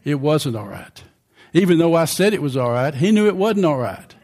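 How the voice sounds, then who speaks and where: A man's voice: fairly high pitch, lively intonation, moderate pace, darkish tone. An older man preaching a sermon in a conversational way, often asking the congregation questions.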